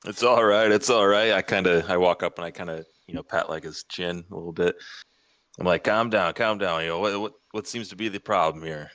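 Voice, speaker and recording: A man's voice: low voice, brisk, a bit bright, no room sound. A man acting as a player in a tabletop game, easygoing and joking. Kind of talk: tabletop role-play.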